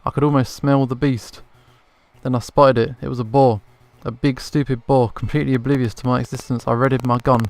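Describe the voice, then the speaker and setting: A man's voice: medium pitch, little pitch movement, a little fast, dry recording, natural voice. A man voicing a boastful, self-assured male hunter telling a story in a video game.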